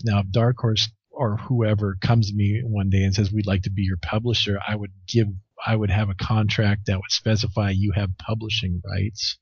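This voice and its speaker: A man talks in a lowish voice, rambling and blunt, trailing into restarts and the odd curse. The recording is dry and dull, with a muffled lo-fi tone. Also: darkish tone, breathy edge, no room sound. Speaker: comic artist guest. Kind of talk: casual interview talk.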